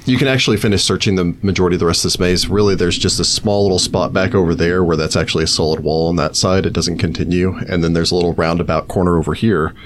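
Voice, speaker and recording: A man with a very deep voice runs a tabletop game, laying out the scene in an easy, explanatory way. A faint background hiss sits under the recording. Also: quick pace, few pauses. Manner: relaxed, explanatory, with fillers. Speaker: game master.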